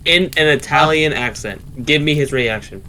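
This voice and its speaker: A man's voice: on the high side, normal speed, bright, forceful tone, low-quality recording. A man joking with friends around a campfire in casual chat, mock-disappointed. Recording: faint background noise.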